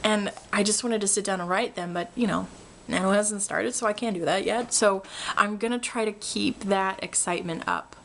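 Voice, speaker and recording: A woman chatting to camera in a rambling, energetic way and laughing often, wired on coffee. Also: medium pitch, normal speed, creaky. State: caffeinated. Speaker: writing vlogger. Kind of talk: casual chat to camera.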